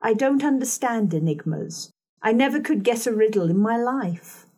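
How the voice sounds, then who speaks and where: A woman's voice: on the high side, animated, moderate pace, a little mellow, pitched above the performer's own voice. A woman voicing a composed, blunt young governess in an audiobook, answering curtly and coolly. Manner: curt, unimpressed.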